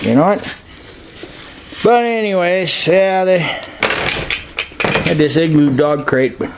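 An older man talks in a folksy, rough-spoken way while he films around his barn and chicken house. His voice sits a little high for a man. A faint noise runs under the handheld camera audio. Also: lively intonation, slow pace, pauses often. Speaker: homesteader filming his farm. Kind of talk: casual chat.

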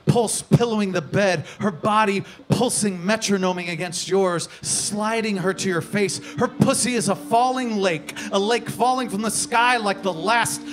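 Man, spoken word poet, high voice, dramatic hushed-to-loud delivery, poetry stage. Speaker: performance poet.

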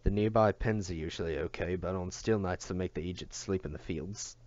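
A man voicing a second, jumpy male farm patrolman in a storybook reading, with excitable exclamations. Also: sits low, fairly quick, no room sound, dull audio, lightly acted. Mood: explaining.

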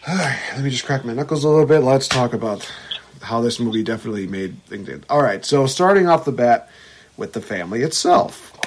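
A young man co-hosting a podcast, ranting in a casual chat about a movie, swearing freely and voicing its characters mockingly. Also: medium pitch. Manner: animated, profane ranting with mocking quotes. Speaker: podcast co-host.

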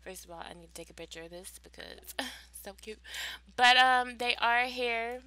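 A woman hosting a life-sim gameplay video, chatting casually and gushing excitedly to her viewers. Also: a little high, normal speed, no echo. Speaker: let's play host. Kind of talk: casual gaming commentary.

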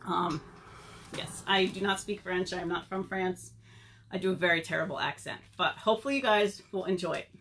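A woman's voice: fairly low pitch, moderate pace, fairly bright tone, a little hiss or hum. A young woman, a children's librarian, leading a virtual storytime and asking kids questions in a playful way. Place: home or library, on video.

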